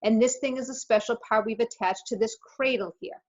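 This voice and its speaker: A woman's voice: fairly high pitch, moderate pace, lightly acted. A woman reading aloud, voicing a cheerful, joking male ear doctor who reassures a boy patient. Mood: explaining. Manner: reassuring, playful. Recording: slightly muffled recording.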